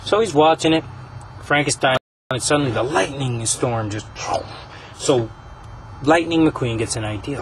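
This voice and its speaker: Rambling man pitching a story. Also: a little slow, background noise. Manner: rambling, filler-heavy storytelling. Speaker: podcast host.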